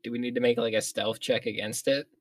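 Cautious questioning player, mid-pitched, dry sound. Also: steady tone, fast talker, no room sound. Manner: cautious, asks many questions. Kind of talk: casual tabletop game chat.

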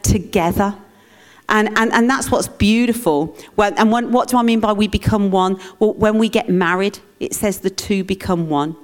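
A woman's voice: mid-range voice, normal speed. A woman preaching a conversational sermon in church, teaching with humour and playful asides.

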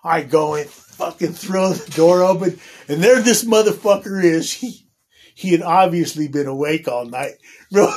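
A man spins a rambling story in a husky, breathy voice, dropping swear words into nearly every line. He laughs often and stumbles over restarts as he talks. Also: fairly high pitch, a little slow, a little mellow. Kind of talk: casual storytelling.

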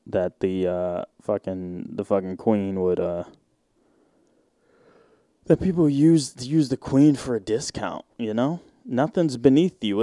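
A man's voice: on the low side, dark tone, dry recording, clean studio sound. A man hosting a solo podcast, ranting in a casual, indignant way with lots of swearing and filler words. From United States. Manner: profane, indignant, rambling with many fillers. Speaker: podcast host.

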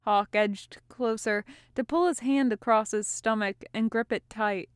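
A woman reading a fan story aloud as scripted narration, with calm, measured storytelling. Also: a little high, smooth, dry recording, clean studio sound. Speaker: audiobook reader.

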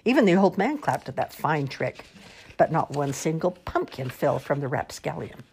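A woman reading children's picture books aloud in an expressive, sing-song storytelling manner. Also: sits low, moderate pace, husky.

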